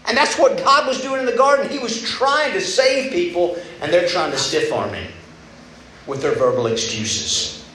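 Preaching in a large room at a retreat, the young man keeps a conversational tone and acts out each quoted voice. High, animated, pushed and bright, he talks at a normal speed in an echoey space with faint background noise.

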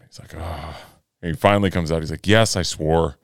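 A middle-aged man co-hosting a podcast, telling an animated story in casual chat and laughing at his own tale. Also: a bass voice, moderate pace, dry recording, clean studio sound. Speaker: podcast co-host.

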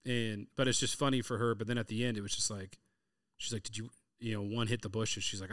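A man in his thirties with a fairly low voice tells hunting anecdotes in a relaxed, casual chat, acting out the dialogue as he goes. The sound is dry and close. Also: fast talker, dry recording. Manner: storytelling, animated retelling of hunting anecdotes with quoted dialogue. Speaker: podcast host.

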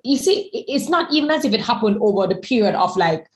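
A woman's voice: medium pitch, animated, a little fast, low-quality recording. A woman guest speaker in a candid conversation, talking emphatically and repeating words as she gathers her thoughts.

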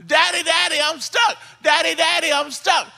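A man voicing a young boy stuck on the monkey bars, calling out for his father in high, pleading cries. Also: steady tone, moderate pace, vocal fry, bright, forceful tone, in a large hall, heavily acted.

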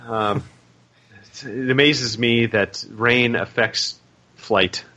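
Bright-voiced chatty male podcast host. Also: medium pitch, fairly even intonation, takes it slowly, highs cut off. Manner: chatty, rambling with fillers. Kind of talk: casual podcast chat.

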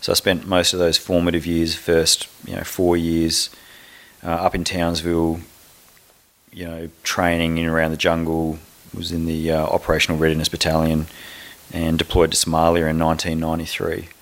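Middle-aged man, Australian accent, very low voice, relaxed matter-of-fact, army officer guest. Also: moderate pace. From South Australia. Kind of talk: podcast interview.

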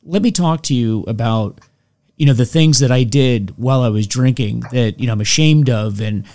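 A man's voice: mid-range voice, normal speed, mellow. A man hosting a podcast interview, telling stories in a self-deprecating way, laughing often and restarting his sentences. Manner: frequent restarts and "you know". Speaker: podcast host. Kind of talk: casual storytelling interview.

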